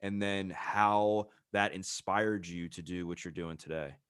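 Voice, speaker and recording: Podcast host: a man with a lowish voice asking questions in a dry, close sound. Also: steady tone, unhurried, fairly bright tone, smooth, no room sound. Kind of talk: interview questions.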